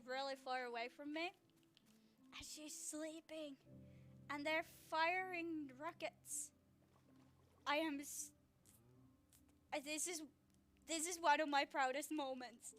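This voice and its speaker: Woman streamer, high and unhurried, excitable and sweary, restarts a lot, home setup mic. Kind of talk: casual live-stream chat.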